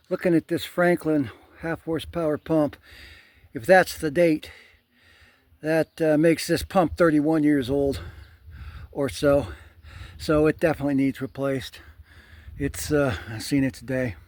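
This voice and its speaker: A man's voice: on the high side, a little mellow, dry recording. Older man, out of breath, plainspoken. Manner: plainspoken, thinking aloud while working. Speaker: handyman vlogger. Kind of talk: casual work vlog narration. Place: outdoors at a well.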